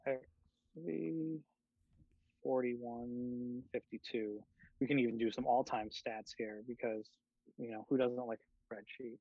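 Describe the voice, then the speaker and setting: A man's voice: mid-range voice, fairly even intonation, slow, no echo. A man hosting a casual podcast chat over a video call, laughing often and swearing casually. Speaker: podcast host. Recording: dull lo-fi sound.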